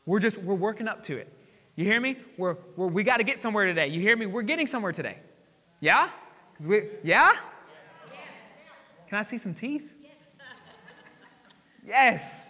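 A man pastor preaching a sermon, often asking the congregation questions and swinging between loud emphasis and quiet asides. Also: high voice, expressive, brisk. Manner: call-and-response questions to the congregation. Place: church sanctuary. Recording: long hall reverb.

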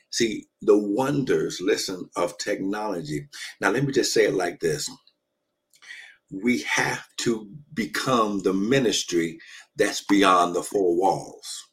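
A man pastor with a low, husky voice preaches into a phone from a hotel room. He drives his points home by repeating phrases and calling out to listeners. The call gives the sound a close, casual quality. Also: slow pace, fairly bright tone, rough recording. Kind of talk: live-streamed preaching. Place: shared hotel room at a conference. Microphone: phone or laptop on a video call.

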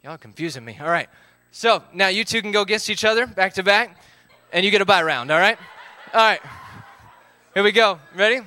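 A man's voice: high voice, expressive, fairly quick, sharp tone. A man, leading a live group game, upbeat as he calls out counts and instructions.

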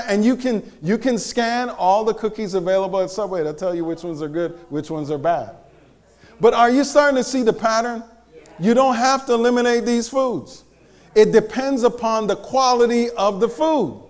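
A man giving a live talk to an audience, animated and joking, teasing the crowd as he goes. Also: sits high. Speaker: speaker presenting to an audience.

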